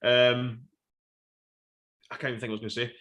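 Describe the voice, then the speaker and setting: Man, casual co-host, tense bright voice, acts out scenes with lots of swearing. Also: medium pitch, level tone, brisk. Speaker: podcast co-host. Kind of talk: casual chat. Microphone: live stream mic.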